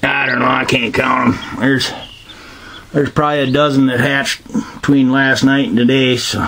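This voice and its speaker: An older man, chatting casually and roughly as he films his farm with a handheld camera. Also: on the high side, fairly even intonation, normal speed, a bit bright, slight background noise. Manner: folksy, rough-spoken, calls out to animals. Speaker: homesteader filming his farm. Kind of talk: casual chat. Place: outdoors and in a barn and chicken house.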